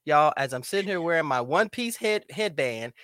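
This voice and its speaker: Playful theatrical man with a lively voice. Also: on the high side, normal speed, no room sound, studio quality. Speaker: podcast host. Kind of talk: casual chat.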